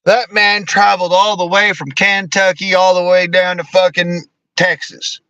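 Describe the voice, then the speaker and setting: A man's voice: high voice, little pitch movement, normal speed, sharp tone, no echo, dull audio. A man in his thirties ranting angrily about politics, profane, heated and sarcastic. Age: 30s. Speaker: streamer. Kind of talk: angry political rant.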